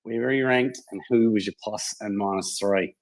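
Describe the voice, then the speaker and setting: A man's voice: on the low side, normal speed. A man with an Australian accent hosting a casual fantasy football podcast, easygoing and matey, with hesitant restarts. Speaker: host.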